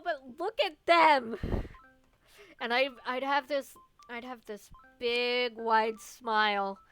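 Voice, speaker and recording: A young woman vtuber streamer rambles through personal stories in casual chat, restarting sentences and laughing softly. Her voice sits a little high and sounds somewhat bright.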